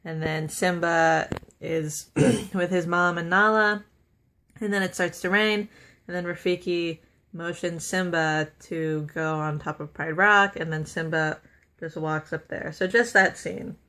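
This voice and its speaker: A woman's voice: on the low side, fairly even intonation, unhurried, pushed and bright. A young woman vlogger chatting casually to the camera, gushing with enthusiasm, laughing often and stringing ideas together with lots of fillers. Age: young adult. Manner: chatty with many fillers and run-on sentences.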